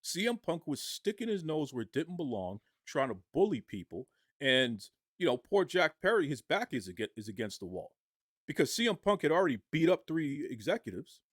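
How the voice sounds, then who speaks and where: A man giving impassioned podcast commentary, arguing forcefully and firing off rhetorical questions. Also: fairly high pitch, very animated, fairly quick, dry recording, clean studio sound.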